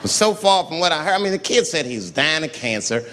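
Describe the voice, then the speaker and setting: A middle-aged man performing a stand-up comedy routine, telling stories with lively delivery and playful character voices. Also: fairly high pitch, fast talker. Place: large venue with live audience. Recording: live hall recording with crowd noise.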